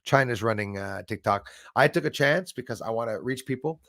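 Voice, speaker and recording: A man with a gravelly, creaky voice hosts a casual live stream and jokes with his viewers. He rambles along with plenty of fillers and restarts. The sound is close and dry, with no room echo. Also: mid-range voice, fairly quick, fairly bright tone. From Canada.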